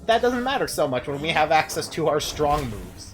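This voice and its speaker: A man's voice: a little high, wildly swooping pitch, normal speed, fairly bright tone. Brief: young male streamer, rambling and profane, chuckling, faint game music underneath. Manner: rambling, profane, laughs often. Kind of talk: casual gameplay commentary.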